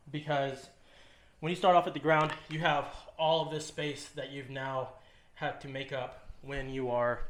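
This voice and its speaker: Man coaching lifts in an echoey gym. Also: fairly high pitch. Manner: talks while lifting, short coaching cues with frequent ums. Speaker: fitness trainer. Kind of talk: instructional demonstration. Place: gym, indoors.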